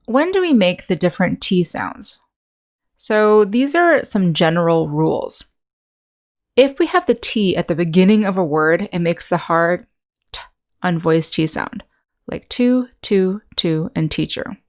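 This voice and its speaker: A woman with an American accent leads an English lesson, her voice sitting a little low. She speaks clearly and patiently, slowing down to demonstrate each sound. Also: lively intonation. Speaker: English teacher. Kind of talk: scripted online lesson narration.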